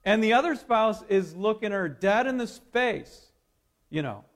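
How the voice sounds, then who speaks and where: A man preaching a sermon in a dramatic way, swinging from loud declarations to near-whispers and laughing lightly as he goes. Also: high-pitched, expressive, a little slow. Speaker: pastor.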